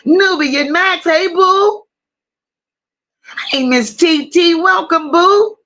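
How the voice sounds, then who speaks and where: Woman livestream host, high bright voice, unhurried, affectionate greetings, reads comments out. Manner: warm drawn-out greetings with endearments; reads viewer comments aloud. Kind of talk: casual livestream chat, greeting viewers.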